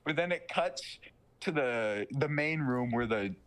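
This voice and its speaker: Excited young man telling a wild story. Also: mid-range voice. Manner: excited, slangy storytelling, profane; does quick mocking voices of the characters. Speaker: podcast co-host. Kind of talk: casual chat, retelling a movie plot.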